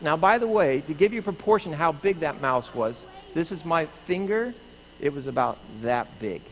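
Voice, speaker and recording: In an echoey church sanctuary with faint room noise, a middle-aged pastor animatedly tells kids a playful story, acting out the screams himself. His voice is on the high side and his pace moderate.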